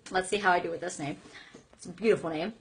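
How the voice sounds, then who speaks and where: A woman's voice: fairly low pitch, steady tone, quick pace, breathy edge. A young woman hosting a casual live stream chat, reading fan comments aloud in a bubbly, giggly, gushing way with lots of "like" fillers.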